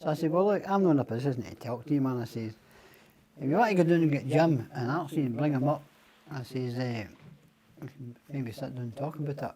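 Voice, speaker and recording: A man's voice: medium pitch, a little fast, warm tone, breathy edge. A middle-aged Scottish man, a podcast guest, telling rambling, profane stories and acting out the other people's lines. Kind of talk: casual storytelling.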